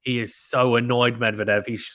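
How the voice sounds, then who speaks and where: Male streamer, casual excitable play-by-play, dry booth sound. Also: medium pitch, moderate pace, dry recording. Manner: chatty, excitable, uses British slang. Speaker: live tennis stream commentator. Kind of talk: casual live play-by-play commentary reading chat.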